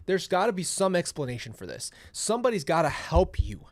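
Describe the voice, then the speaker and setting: A man's voice: a little high, big pitch swings, fairly quick, few pauses. A man hosting reaction commentary, ranting in a blunt, exasperated way with swearing. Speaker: commentary host.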